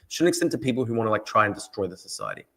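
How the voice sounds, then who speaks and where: A man's voice: on the low side, very animated, very fast, gravelly. An Australian man hosting a political livestream, talking emphatically, repeating himself and swearing freely. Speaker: livestream host. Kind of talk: casual political livestream talk.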